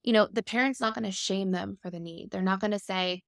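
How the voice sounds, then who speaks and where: A woman's voice: mid-range voice, brisk, vocal fry, no echo, studio quality. A woman in her thirties, a guest expert, explaining attachment styles in a fluent, upbeat conversational way.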